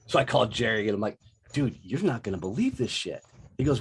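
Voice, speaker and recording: A man, telling his life story as a podcast guest in a casual, profane, animated way, acting out the dialogue. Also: medium pitch, a little fast, slightly rough. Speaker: podcast guest, business founder.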